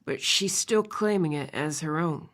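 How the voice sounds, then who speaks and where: Low raspy male rancher voiced by a woman, calm, soothing, audiobook. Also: unhurried. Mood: subdued. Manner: coaxing, gentle and soothing.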